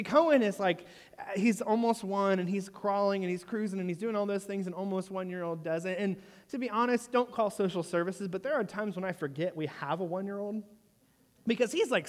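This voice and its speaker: A man in his thirties preaching a sermon, telling a story with humor and often checking in with "right?". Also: high-pitched. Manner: animated, jokey storyteller who asks the room "right?". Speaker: pastor. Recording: long reverb of a large hall.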